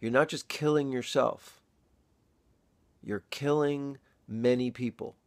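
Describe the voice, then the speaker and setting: Older man, grieving father, gravelly voice, halting and emotional video-diary delivery. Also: mid-range voice, fairly even intonation, darkish tone, dry recording. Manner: halting, reflective, pausing often. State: emotional, near tears.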